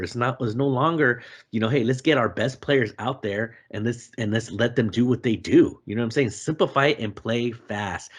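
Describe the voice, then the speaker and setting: A man hosting a podcast in casual sports chat, relaxed and slangy, often agreeing with short "mm-hmm"s. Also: fairly low pitch, husky. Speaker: podcast host.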